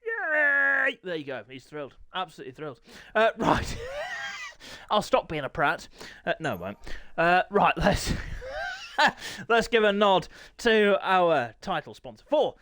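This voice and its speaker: A man commentating a sim motorbike race live, excitable, jokey and self-mocking, his voice a little hoarse. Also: high-pitched, measured pace, pauses often, no room sound, clean studio sound. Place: small home room called a commentary box.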